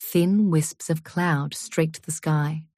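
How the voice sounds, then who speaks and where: A woman reading an audiobook in a measured, unhurried storytelling manner. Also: deep voice, fairly even intonation, a little mellow, dry recording, clean studio sound. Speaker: audiobook narrator. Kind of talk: scripted audiobook narration.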